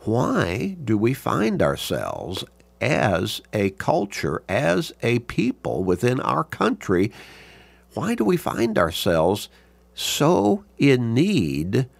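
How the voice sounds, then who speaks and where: An older man giving a sermon, slow and deliberate, repeating points for emphasis, with a gravelly voice. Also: medium pitch, huge pitch swings, no echo.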